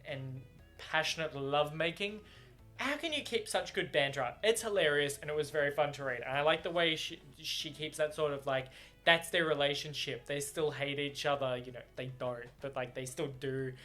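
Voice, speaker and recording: A man's voice: on the high side, normal speed, fairly bright tone, soft background music. Giggly, rambling man reviewing a book. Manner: bubbly and giggly, rambling with many fillers. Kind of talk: casual book reaction chat. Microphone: camera mic.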